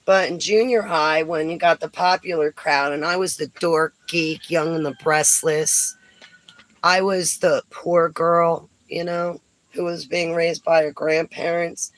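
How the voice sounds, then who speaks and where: A middle-aged woman from New Jersey, telling stories in a chatty vlog, breaking into lively exclamations and laughs. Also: low-pitched, unhurried, no room sound, rough recording. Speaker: vlogger. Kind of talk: casual storytelling chat.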